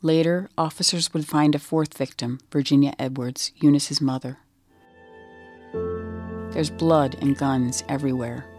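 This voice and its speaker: A narrator telling a crime story in measured, scripted documentary style. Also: mid-range voice, steady tone, over music.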